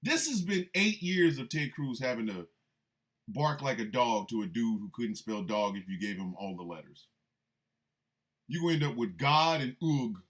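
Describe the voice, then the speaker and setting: A man hosting a show of comedic political commentary, talking in an emphatic, mocking way. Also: mid-range voice. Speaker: host.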